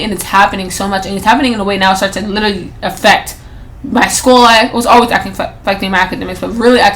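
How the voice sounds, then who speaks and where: A woman's voice: mid-range voice, fairly bright tone, slight background noise, rough recording. A woman in her twenties hosting a solo podcast, talking casually and rambling, often restarting and correcting herself with plenty of "like" and "you know". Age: 20s. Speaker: podcast host.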